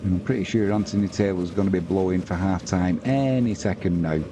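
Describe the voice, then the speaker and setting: Guy hosting a footy stream, lowish voice, chatty, traffic noise behind. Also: a little fast. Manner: chatty, talks to viewers and reads out chat messages. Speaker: host of a live watch-along stream. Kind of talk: casual live football commentary and chat.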